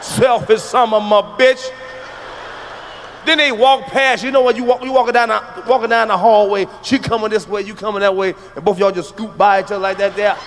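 High-voiced brash stand-up comedian man. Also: fairly even intonation, a little fast, a little hiss or hum. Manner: brash, profane, with sudden shouted bursts.

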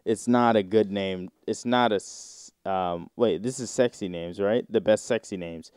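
A man hosting a casual solo podcast, reading search results aloud and riffing on them in a rambling, drawn-out way with sudden mocking outbursts. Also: fairly low pitch, darkish tone, smooth, no room sound, studio quality. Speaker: podcast host.

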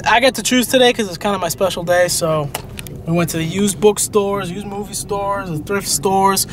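A young man co-hosting a casual comedic chat, goofy and loud, breaking into big excited yelps. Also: high-pitched, moderate pace, a little hiss or hum. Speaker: co-host.

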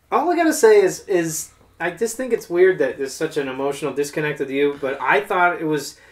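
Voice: medium pitch, lively intonation. Argumentative co-host arguing over a movie. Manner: argumentative, cites facts, slows down to make a point. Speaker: podcast co-host. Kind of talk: casual movie review chat.

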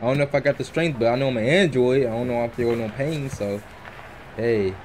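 A young man giving casual, animated let's-play commentary, joking and trash-talking the game's characters. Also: medium pitch, fairly quick, background noise. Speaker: gaming YouTuber. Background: video game music.

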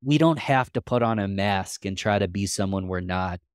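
A man's voice: lowish voice, normal speed, clean tone, no room sound, studio quality. A man guest on a podcast interview, answering in an earnest, practical way and thinking aloud.

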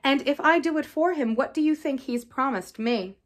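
A woman voicing a reckless, spoilt young nobleman who talks loud and merry with a sneer. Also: sits high, animated, moderate pace. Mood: mocking.

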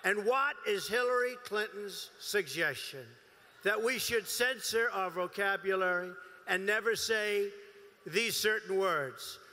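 Emphatic man at a rally, booming reverb. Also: sharp tone. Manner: emphatic, repetitive phrasing. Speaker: political candidate. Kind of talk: campaign rally speech. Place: large rally venue. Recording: long reverb of a large hall.

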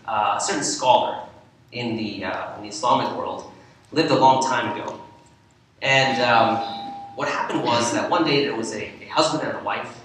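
A man, an imam, gives a talk in a church, telling an animated story to warm up the audience. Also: mid-range voice, a little hiss or hum. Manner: animated storyteller, lively when quoting. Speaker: imam giving a presentation. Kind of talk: lecture with storytelling. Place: church hall. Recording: echoey hall, from far off.

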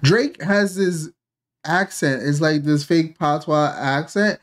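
A man in middle age talks loosely over a video he is reacting to, drifting into tangents and tossing in playful remarks. His voice sits a little high for a man, and his delivery is off the cuff. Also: takes it slowly. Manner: chatty, rambling asides with playful interjections. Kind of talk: casual live reaction commentary.

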